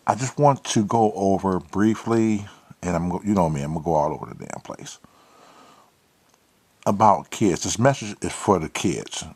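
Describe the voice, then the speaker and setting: Man, talk show host, lowish husky voice, blunt and profane, preachy monologue. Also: lively intonation, normal speed, darkish tone. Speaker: podcast host. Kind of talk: casual monologue.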